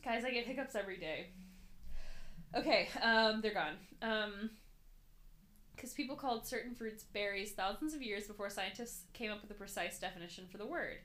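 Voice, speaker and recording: Young woman cohosting a chatty podcast, bright voice, giggles, trips over words reading aloud. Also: mid-range voice, normal speed. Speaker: podcast co-host. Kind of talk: casual chat, reading an article aloud.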